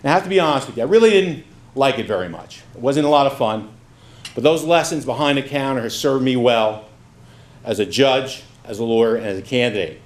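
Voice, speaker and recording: A man's voice: mid-range voice, lively intonation, fairly quick. A man in his fifties, raised in Brooklyn, gives a folksy campaign speech at a candidates' forum. He mixes self-deprecating stories with his résumé. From Brooklyn, New York. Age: 50s. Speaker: judicial candidate.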